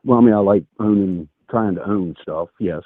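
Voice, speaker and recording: A man calling in to a political debate, talking hesitantly and halting over his words. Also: on the low side, no echo. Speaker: caller. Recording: tinny phone line.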